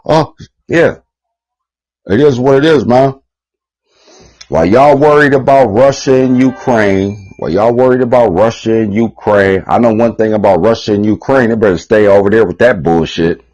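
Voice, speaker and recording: A man's voice: medium pitch, a little mellow, breathy edge, rough recording. A man giving a rambling, heated, profane monologue on his channel, repeating himself and swearing often. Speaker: channel host.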